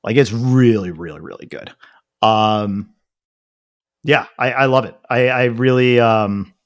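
A man's voice: medium pitch, a little slow. A man ranting and swearing in casual podcast chat as a co-host.

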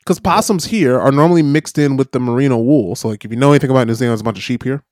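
Brief: male co-host, storyteller, acts out quotes, mid-pitched, dry close recording. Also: very fast, no echo. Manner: animated storyteller, acts out quoted voices, many "right?" tags. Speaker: podcast co-host. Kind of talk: casual chat, storytelling. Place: lives in New Zealand.

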